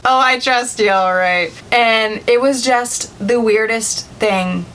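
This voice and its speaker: A woman's voice: fairly high pitch, slow pace, fairly bright tone, rough recording. A young woman vlogger telling a storytime tale in a chatty way, laughing often and acting out the people she quotes. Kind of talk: casual storytime.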